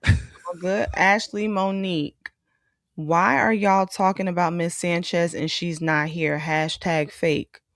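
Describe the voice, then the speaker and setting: A woman's voice: fairly low pitch, fairly even intonation, slow, fairly bright tone, dry recording, clean studio sound. A woman co-hosting a casual podcast, reading viewer comments aloud and chatting back about them. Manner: reads viewer super chats aloud and responds chattily. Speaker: co-host.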